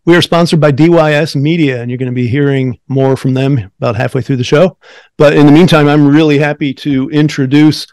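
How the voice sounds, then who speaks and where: A man's voice: a little high, steady tone, brisk, darkish tone, no room sound. A man hosting an interview podcast in an upbeat, friendly way, with frequent fillers. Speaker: podcast host.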